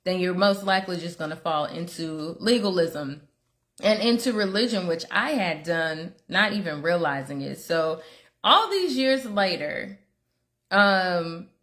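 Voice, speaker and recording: A woman's voice: fairly low pitch, expressive, a little slow, fairly bright tone. A woman in her thirties giving a candid personal testimony, chatty and self-deprecating, with frequent laughs and acted-out quotes of her own thoughts. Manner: rambling with fillers and quoted inner dialogue. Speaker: guest speaker telling her faith story.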